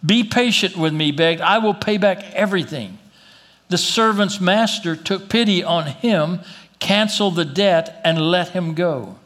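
A man preaching a sermon as pastor, reading scripture aloud and dropping low and slow to press his points, with an occasional cough. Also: a bit bright. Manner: reads scripture then drops low and slow for emphasis; coughs now and then.

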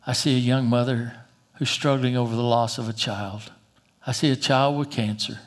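A man preaching a sermon in a folksy, emphatic way, slowing down for dramatic pauses. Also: medium pitch, steady tone.

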